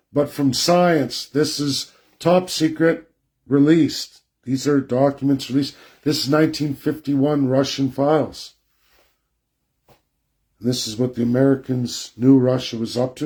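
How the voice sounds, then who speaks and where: A man talks through a slide presentation at an unhurried pace. He is blunt and combative and drives his points home by repeating them. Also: a little high, darkish tone. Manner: blunt, combative, repetitive emphasis.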